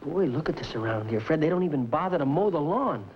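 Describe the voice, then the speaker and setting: A man's voice: on the high side, animated, fast talker, lightly acted. A young man playing a brash, bossy comic lead in a 1950s sitcom. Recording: dull, hissy 1950s TV soundtrack.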